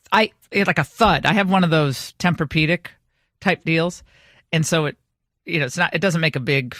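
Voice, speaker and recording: A woman's voice: fairly low pitch, fairly bright tone, no echo, studio quality. A middle-aged woman hosting a radio talk show, telling a story in a chatty way with many restarts. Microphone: studio microphone.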